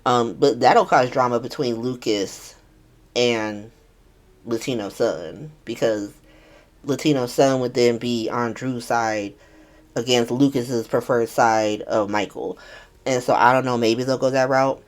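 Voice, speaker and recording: A woman's voice: a bass voice, measured pace. A woman hosting a casual soap opera recap, talking in a profane, slangy way. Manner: profane, slangy, animated retelling.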